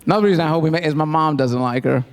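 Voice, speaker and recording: A man performing stand-up comedy, telling animated, mock-exasperated stories on a stage mic before a live audience. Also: on the high side, rapid-fire. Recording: live crowd and noise.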